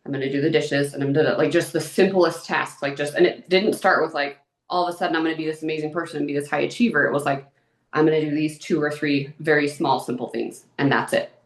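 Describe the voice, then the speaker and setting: A woman's voice: deep voice, fairly even intonation, fast talker, reverberant. A woman in her thirties, a guest in an interview, talking openly and emotionally in a chatty way. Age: 30s. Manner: open and emotional, chatty with many "like"s. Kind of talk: candid personal interview.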